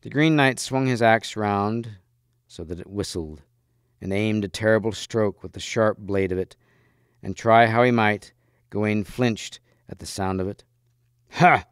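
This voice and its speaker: Measured man reading a storybook aloud. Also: fairly low pitch, clear, resonant tone, no echo, clean studio sound. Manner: measured, expressive narration. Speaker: reader.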